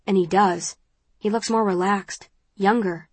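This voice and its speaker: A woman reading a novel aloud in the first person, in a calm and measured way. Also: medium pitch, no echo. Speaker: audiobook narrator.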